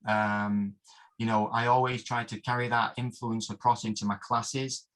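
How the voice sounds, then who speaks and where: A man's voice: medium pitch, little pitch movement, moderate pace, fairly bright tone. A man, a martial arts instructor, rambling through interview anecdotes with plenty of fillers and mild oaths. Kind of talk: interview storytelling.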